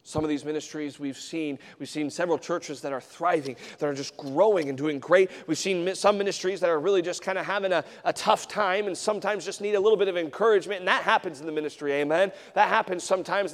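A man preaching a sermon as a traveling missionary, swinging from hushed storytelling to loud, fervent exhortation in a church. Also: fairly high pitch, quick pace, hardly any pauses, in a large hall. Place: church sanctuary.

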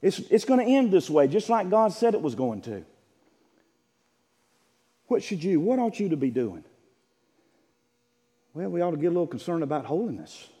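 A man preaching a sermon as a Baptist preacher, moving from a measured reading of scripture to shouted fervor. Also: sits high, very animated, husky, long reverb tail. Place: church sanctuary.

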